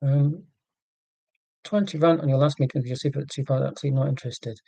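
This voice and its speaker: A man's voice: mid-range voice, steady tone, fast talker, vocal fry, dark tone, dry recording. A man chatting casually and reading out viewer comments, rambling and wry about himself. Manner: rambling, self-deprecating, wry. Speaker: YouTuber answering viewer comments. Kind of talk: casual rambling live chat.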